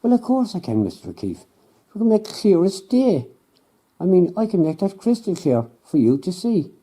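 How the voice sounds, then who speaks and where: Man putting on a high-pitched smug scientist. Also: sing-song, normal speed, warm tone, husky, heavily acted. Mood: patronizing. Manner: condescending, patronizing, repeatedly dodging questions. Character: smug, evasive male scientist showing planet images. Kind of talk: comedy sketch, improvised two-hander.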